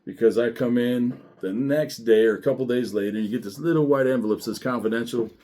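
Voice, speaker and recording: A middle-aged man, a former sheriff's deputy, telling his story in a blunt, profane and animated way. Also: medium pitch, quick pace. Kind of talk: casual storytelling monologue.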